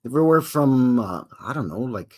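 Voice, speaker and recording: A man's voice: medium pitch, lively intonation, moderate pace, a little mellow. A Canadian man hosting a live stream in a folksy, jokey way, greeting chatters by name. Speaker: livestream host. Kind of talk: casual live-stream chat.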